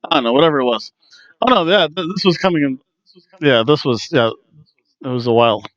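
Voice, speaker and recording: A man's voice: a little high, fairly quick, fairly bright tone, lo-fi sound. A man hosting a wrestling review podcast, chatting casually in a rambling, self-deprecating way. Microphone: headphones on, desk mic.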